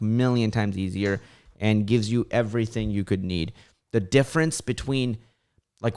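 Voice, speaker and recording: A man hosting a casual livestream Q&A, talking in an animated, emphatic way and swearing casually. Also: fairly low pitch, clear, resonant tone. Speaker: livestream host.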